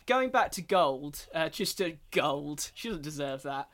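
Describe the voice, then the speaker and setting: A young man, co-hosting a podcast in casual chat, halting with many ums and restarts and a wry tone. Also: on the high side, lively intonation, a bit bright. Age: young adult. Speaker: podcast co-host.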